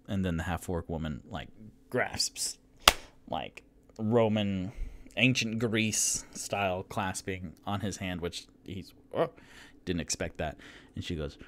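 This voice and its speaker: A man's voice: low voice, takes it slowly, a bit bright. A man narrating a solo tabletop game as game master, in a casual, rambling way that often corrects itself.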